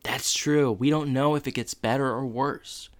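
A man's voice: medium pitch, fairly even intonation, moderate pace. A man co-hosting a podcast in casual chat, teasing and joking with his co-host. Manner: teasing, jokey, playful.

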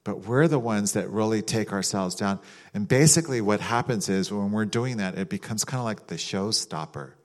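A man's voice: on the low side, normal speed. A man preaching a sermon and praying in a conversational, rambling way. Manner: conversational, rambling, acts out mock voices with laughter. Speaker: pastor. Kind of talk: sermon with prayer.

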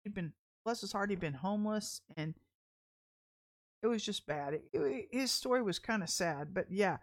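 A middle-aged woman minister telling personal stories in a sermon, chatty and animated, often laughing as she talks. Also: mid-range voice, moderate pace. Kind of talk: candid storytelling sermon.

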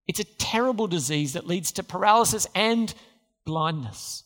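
A man's voice: sits high, animated, moderate pace, fairly bright tone, big-room sound. A man preaching a sermon as pastor, emphatic and repeating key phrases. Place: church.

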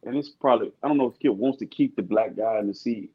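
Husky man in lo-fi sports chat. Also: lowish voice, quick pace. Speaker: podcast co-host.

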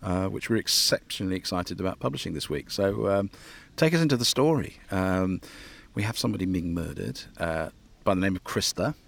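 A man's voice: low-pitched, lively intonation, brisk, creaky, hardly any pauses, fairly bright tone. A man hosting a podcast as the publisher, chatting casually and laughing easily. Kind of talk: casual chat.

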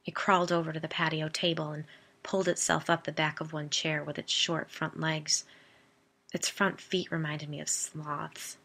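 Lady reading an earnest wife telling a scary story, low voice, bright edge. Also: level tone, moderate pace, gravelly, heavily acted.

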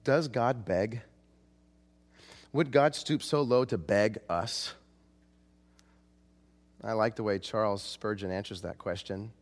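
A man's voice: fairly low pitch, slow, pauses often. A man preaching a sermon, earnest and impassioned, rising to pleading cries when he quotes scripture. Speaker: pastor. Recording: long hall reverb.

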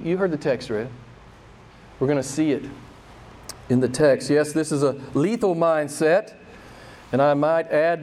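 A man preaching a sermon as pastor, emphatic and repeating key phrases for effect, lifting his voice to mimic the people he quotes. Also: a little mellow. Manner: mimics voices with raised pitch when quoting.

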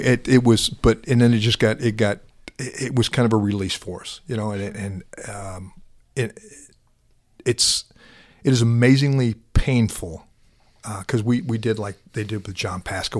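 Casting: man, low husky voice, halting, emotional first-hand account. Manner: halting, repeats words, quiet and heavy then louder when animated. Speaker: interview guest, law enforcement officer. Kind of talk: emotional personal storytelling.

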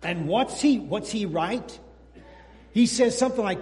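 A pastor in his sixties giving a lively, joking sermon, whooping and breaking into song. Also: high voice, a little slow, big-room sound. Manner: animated, jokey preaching with whoops and sung bits.

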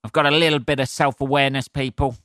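A man rants alone into his podcast mic, swearing freely and laughing at his own temper. His voice is bright and forceful, recorded close and dry. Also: medium pitch, steady tone, quick pace, no echo. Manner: sweary, ranting, self-mocking. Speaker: podcast host. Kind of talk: solo podcast rant.

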